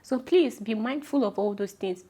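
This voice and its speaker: A woman's voice: fairly high pitch, moderate pace, dark tone, husky. A young woman with a Nigerian accent giving casual, emphatic advice to her viewers, often repeating her points and calling them "my love". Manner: chatty, affectionate, repeats instructions emphatically. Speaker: vlogger. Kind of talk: casual advice talk to camera.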